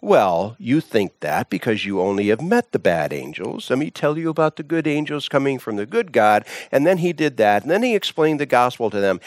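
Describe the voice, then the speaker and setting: A man's voice: mid-range voice, no room sound. A man preaching a sermon, telling a story with dramatic swings in his voice.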